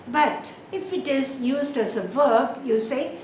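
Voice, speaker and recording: A woman teaching English pronunciation, explaining slowly and carefully and stretching out example words to show where the stress falls. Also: high-pitched, animated. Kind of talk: slow, deliberate classroom explanation. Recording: roomy echo, faint background noise.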